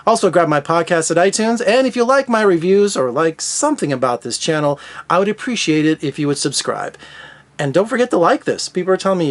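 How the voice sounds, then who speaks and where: A man's voice: high voice, animated, fairly quick. A man giving a casual, rambling film review, often correcting himself as he talks. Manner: rambling, self-correcting, chatty. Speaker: film critic. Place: Las Vegas.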